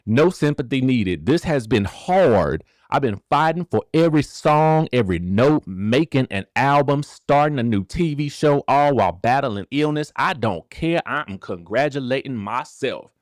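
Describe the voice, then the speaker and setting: A sassy woman with a thick country twang , as a man puts her on, brash and emphatic. She reads her own defiant posts in a high, pushed-up voice. The sound is dry and close. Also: animated, normal speed, few pauses, dry recording, close to an everyday voice. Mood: proud.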